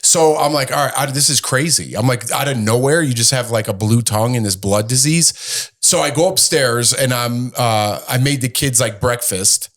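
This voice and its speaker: A man co-hosting a relaxed chat show, sitting at middle pitch. He rambles through a story, restarting sentences and bouncing into voices for each quoted line. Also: moderate pace. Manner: rambling, animated storyteller who acts out quotes. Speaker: podcast co-host.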